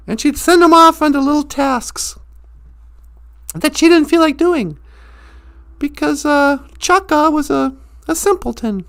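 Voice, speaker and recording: High-voiced, animated woman storyteller. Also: a little slow, long pauses. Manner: animated, joking, laughs often. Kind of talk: humorous live-stream storytelling.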